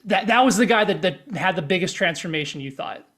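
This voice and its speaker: A man's voice: sits high, animated, fairly quick, a bit bright. A man hosting an interview, asking friendly, chatty questions. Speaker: podcast host.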